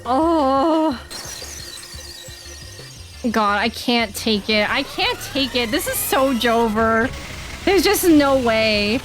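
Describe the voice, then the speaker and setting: A woman's voice: on the high side, animated, slow pace, pauses often, a bit bright. A woman streaming gameplay, reacting with dramatic yelps and groans of frustration. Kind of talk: live gameplay commentary. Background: faint game music.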